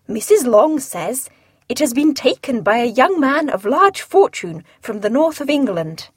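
A woman reading aloud and putting on the voice of an excitable, fretful middle-aged mother, high and emphatic. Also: a little slow, husky, no room sound, studio quality, heavily acted. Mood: excited.

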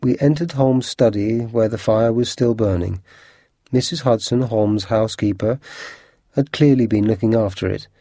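Man narrating with a dark, mellow voice. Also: lowish voice, normal speed, dry recording, studio quality. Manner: calm, even narration. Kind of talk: storybook reading.

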